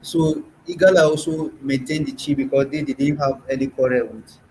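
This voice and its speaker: A man with a Nigerian accent leads a classroom lesson at a middle pitch. He patiently quizzes his students and sounds words out for them, while a faint room hum sits behind him. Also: fairly even intonation, moderate pace, a little mellow, poor audio. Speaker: language workshop teacher.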